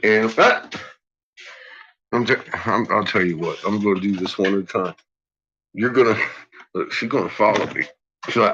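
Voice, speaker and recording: A man's voice: lowish voice, normal speed, pauses often, fairly bright tone. A man vlogging from home in a loose, casual ramble, swearing freely and chatting to himself and his pets. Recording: dull lo-fi home recording with clear background noise.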